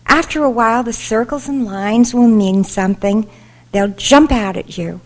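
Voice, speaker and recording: A woman voicing a kindly resource teacher with a twang, talking gently and encouragingly to a struggling pupil. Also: on the high side, normal speed, natural voice.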